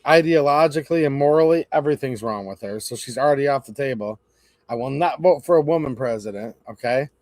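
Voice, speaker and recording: A man's voice: a little high, darkish tone, dry recording. A man hosting a casual livestream, talking in a sarcastic, rambling, mocking way. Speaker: channel host.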